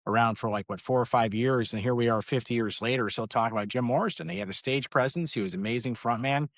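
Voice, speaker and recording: A middle-aged man co-hosting a podcast, talking quickly and emphatically in casual slang. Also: mid-range voice, dry recording, clean studio sound. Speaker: podcast co-host. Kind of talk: casual rock music chat.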